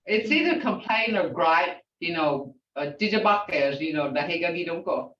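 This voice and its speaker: A woman's voice: fairly low pitch, lively intonation, normal speed, a bit bright. An older woman teaching a language class, sounding words out syllable by syllable with chatty asides. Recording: echoey, distant, dull sound.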